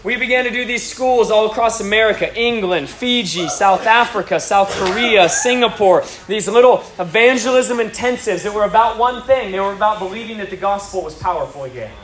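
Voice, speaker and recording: A man preaching a sermon, telling stories with rising energy and occasional excited shouts. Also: sits high, brisk, hardly any pauses. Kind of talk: sermon with storytelling. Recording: roomy hall with faint crowd.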